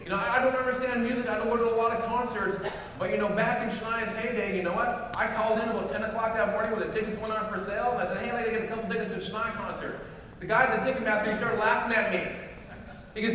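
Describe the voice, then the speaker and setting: High-voiced man speaking in an echoey hall. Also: fast, recorded from a distance, a little hiss or hum. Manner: animated, acts out both sides of a phone call, many restarts. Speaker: motivational speaker at a company event. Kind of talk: storytelling speech to a crowd. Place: large event hall.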